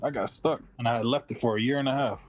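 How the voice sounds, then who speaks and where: A man in a casual gaming chat, animated and slangy, swearing freely. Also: mid-range voice, fast talker, muffled recording, faint music behind. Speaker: guest.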